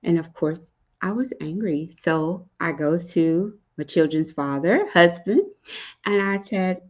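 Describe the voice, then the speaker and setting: A woman's voice: lowish voice, slow. A woman hosting a podcast, earnestly sharing a personal story and speaking directly to grieving parents. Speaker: podcast host. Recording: dull lo-fi sound.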